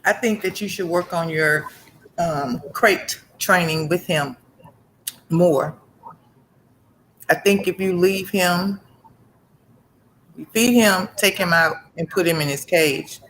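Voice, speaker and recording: Slow-speaking woman giving calm advice. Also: fairly low pitch, a little hiss or hum, low-quality recording. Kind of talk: casual chat.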